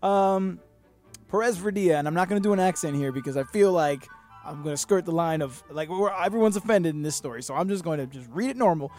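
A Miami-raised podcast host with a high-pitched voice talks a little fast over soft background music. He's animated and sarcastic, delivering comedic news commentary packed with swearing.

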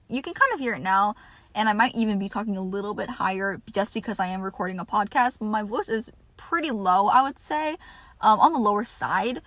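A woman's voice: medium pitch, fairly bright tone, no echo. A woman in her twenties hosting a podcast in a casual, chatty monologue full of "like" and "you know". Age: 20s. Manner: chatty, filler-heavy, frequent "like" and "you know". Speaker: podcast host.

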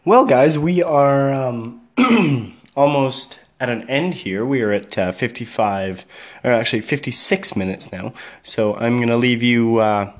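A man's voice: mid-range voice, measured pace. A man hosting his own podcast, closing the episode in a loose, hesitant way with many fillers. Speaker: podcast host. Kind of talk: casual podcast sign-off.

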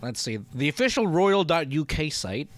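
A man's voice: a little high, big pitch swings, moderate pace, slight background noise. A man co-hosting a podcast in casual chat, laid-back and laughing, rambling with restarts. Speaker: podcast co-host.

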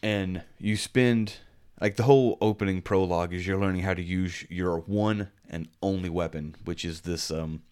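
A man's voice: sits low, moderate pace, few pauses, smooth. A man co-hosting a casual video game podcast, rambling with lots of fillers. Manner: relaxed, rambling, frequent fillers. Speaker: podcast co-host. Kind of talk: casual chat.

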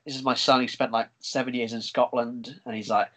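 A man hosts a relaxed podcast conversation. He talks in a chatty, excitable way with casual swearing, at a middle pitch. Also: brisk, poor audio. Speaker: podcast host. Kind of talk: casual chat.

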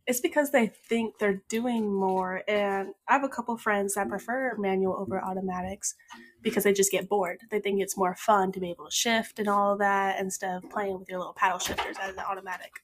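A woman's voice: medium pitch, steady tone, brisk. A woman with a mid-range voice answers casually as a podcast guest, speaking into a headset. She is plainspoken and somewhat hesitant, keeping her answers short and simple.

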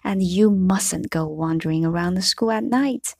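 A woman's voice: on the low side, moderate pace, creaky, no echo. A woman voicing a bossy know-it-all schoolgirl witch in a prim, scolding way.

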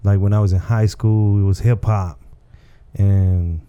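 This is a man from Texas in an easygoing conversation, telling stories in a rambling way. His voice sits low, with a very dark, mellow timbre. He keeps checking in with the listener as he talks. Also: steady tone, a little slow, clean tone, lo-fi sound. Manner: rambling storytelling with frequent "you know what I'm saying". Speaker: guest comedian. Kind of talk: casual podcast chat.

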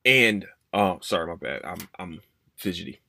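A man's voice: low voice, animated, moderate pace, gravelly, sharp tone, no echo. Rambling man telling a story, dry mic. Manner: rambling, curses and apologizes, voices his own past thoughts. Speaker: podcast host. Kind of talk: casual storytelling.

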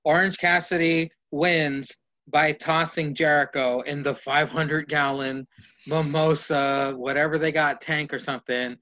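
High-voiced man hosting a profane podcast. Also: little pitch movement, measured pace, pushed and bright, lo-fi sound. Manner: profane, acts out comic scenes in high squeaky voices. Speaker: podcast host. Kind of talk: casual chat.

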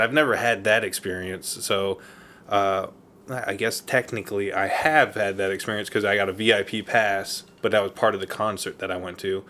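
A man's voice: fairly low pitch, sharp tone. A man on a casual podcast, rambling with many fillers and asking others about their experiences. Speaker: podcast co-host. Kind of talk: casual chat.

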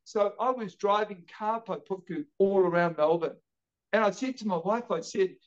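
A man from New Zealand, an energetic podcast guest telling his story with lively acted-out quotes. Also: high-pitched, moderate pace, clean tone, dull audio. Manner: energetic, acts out quoted voices. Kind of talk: animated storytelling.

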